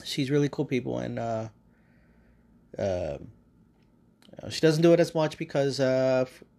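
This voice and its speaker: A man hosts a podcast in a loose, rambling monologue. He swears freely and keeps circling back with fillers and restarts. His voice sits at an ordinary middle pitch for a man. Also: animated, measured pace, creaky, dark tone. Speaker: podcast host.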